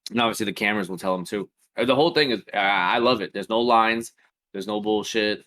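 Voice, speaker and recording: A man's voice: lowish voice, fast talker. A man, co-hosting a casual podcast chat and telling stories animatedly with plenty of swearing. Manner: animated storytelling, swears freely. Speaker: podcast co-host.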